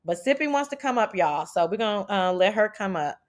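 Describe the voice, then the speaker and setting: A woman's voice: mid-range voice, expressive, a little fast. A woman hosting a casual livestream chat, brash and profane as she talks back to her chat. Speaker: livestream host.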